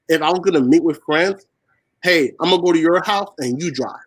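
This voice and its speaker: A man's voice: fairly high pitch, rough recording. A man from Haiti raised in Washington State, a spoken word poet telling a personal story as an interview guest, earnest and repeating phrases for emphasis. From born in Haiti, raised in Washington State.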